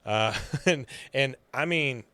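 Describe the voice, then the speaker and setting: A man's voice: medium pitch, slow pace, sharp tone, no room sound. A man co-hosting a podcast, casually recapping a cartoon episode and acting out lines with laughs. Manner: retells scenes, acting out characters' lines with laughs. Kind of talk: casual chat.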